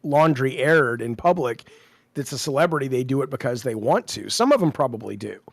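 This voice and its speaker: A man chats casually on a stream, asking questions and explaining topics at length. His voice sits in a middle pitch, recorded dry and close. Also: lively intonation, fairly quick, creaky, dry recording. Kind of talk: casual chat.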